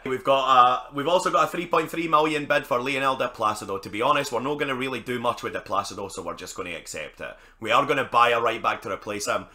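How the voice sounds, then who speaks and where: A man's voice: fairly low pitch, sharp tone. A young Scottish man giving casual, blunt and sweary commentary while playing a football management game. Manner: blunt and sweary, chatty asides. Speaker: gaming YouTuber.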